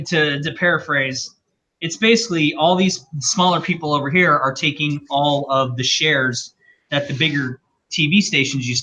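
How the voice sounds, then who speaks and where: A man's voice: fairly high pitch, pushed and bright. A man co-hosting a casual livestream, ranting in a rambling, opinionated way. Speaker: co-host.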